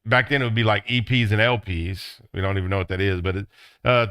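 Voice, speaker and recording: A middle-aged man teaching a business class, acting out excited quotes in a high voice. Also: fast, smooth, no room sound. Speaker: business instructor. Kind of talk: classroom lecture.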